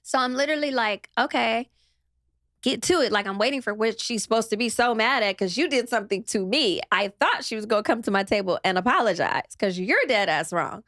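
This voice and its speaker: A young woman tells her side of a story to an interviewer, animated and blunt, cursing freely. Her voice sits on the higher side. The sound is close and dry, with no room echo. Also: a little fast. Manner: animated, acts out others' voices, swears freely. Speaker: guest.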